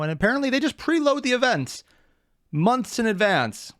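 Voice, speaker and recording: Blunt, disbelieving male reactor, lively swings in pitch, dead-dry close sound. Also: a little fast, dry recording. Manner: incredulous, blunt, swears freely. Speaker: reaction video host. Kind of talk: casual reaction commentary.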